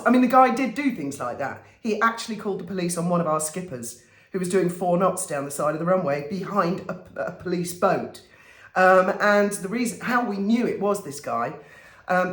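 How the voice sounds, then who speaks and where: A woman vlogger telling stories to camera in a casual way, animated and wry, often exasperated. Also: lowish voice, roomy sound. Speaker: vlogger and commentator.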